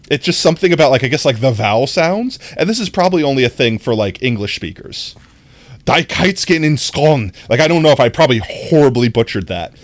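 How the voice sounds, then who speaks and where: Animated young man chatting on stream. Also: fairly high pitch, no room sound. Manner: rambling, animated, full of fillers and laughs; reacting to chat messages. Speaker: livestreamer. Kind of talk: casual live-stream chat.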